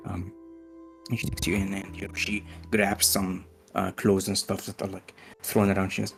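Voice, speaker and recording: A man narrating as game master of a tabletop game, halting and full of fillers. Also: low voice, level tone, vocal fry, soft background music. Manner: slow, halting, with many fillers.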